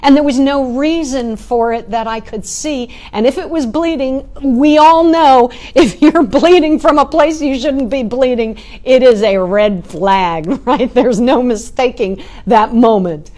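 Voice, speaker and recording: A middle-aged woman, a spiritual teacher, giving a talk with animated storytelling and frequent "right?" asides. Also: high-pitched, measured pace, few pauses. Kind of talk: talk or sermon.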